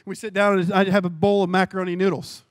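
A man, a pastor, preaching a sermon and telling a personal testimony, with animated storytelling that repeats phrases for emphasis. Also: high-pitched, fast talker, dry recording.

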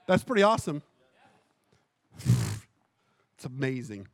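A man with a high voice preaches a sermon. His delivery is casual and self-correcting, with jokes, but it rises to fervent, shouted passages. The recording is close and dry, with no room sound. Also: huge pitch swings, slow pace, vocal fry, long pauses, dry recording. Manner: impassioned preaching that swells to shouting. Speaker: pastor.

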